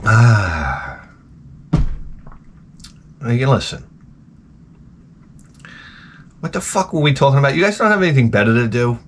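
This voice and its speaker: A man's voice: mid-range voice, moderate pace, slight background noise. A middle-aged man, ranting in a rambling, profane comedic monologue. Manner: rambling, profane, animated storytelling. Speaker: comedic host.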